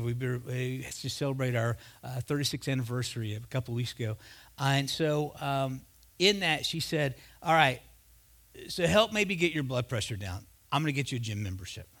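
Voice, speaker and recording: A man in his fifties delivering a sermon as a pastor. He talks in a loose, conversational way, and his voice sits somewhat high for a man. He moves into personal stories and acts out the back-and-forth of the dialogue. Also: a bit bright. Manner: conversational storytelling, acting out dialogue.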